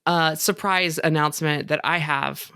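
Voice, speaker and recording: A woman's voice: sits low, fairly even intonation, moderate pace, a bit bright, clear, resonant tone, no room sound, studio quality. A woman co-hosting a podcast in casual chat, rambling with frequent restarts and laughs. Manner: rambling, giggly, lots of restarts. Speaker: podcast co-host.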